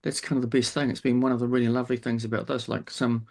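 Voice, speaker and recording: A man's voice: medium pitch, level tone, quick pace, creaky, a little mellow. A man, a podcast guest, speaking in an easygoing, reassuring way with frequent restarts. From New Zealand. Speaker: guest, psychologist and TV presenter. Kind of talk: casual interview chat.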